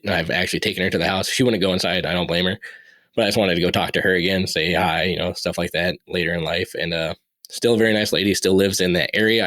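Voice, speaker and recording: A young adult man, a podcast guest, telling a story casually and growing animated at tense moments. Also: sits low, no room sound.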